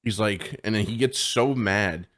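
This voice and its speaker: A man's voice: fairly low pitch, unhurried, fairly bright tone. A man co-hosting a live podcast, telling a long rambling story in casual chat, swearing freely and laughing at his own tale. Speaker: podcast co-host. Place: home streaming setup.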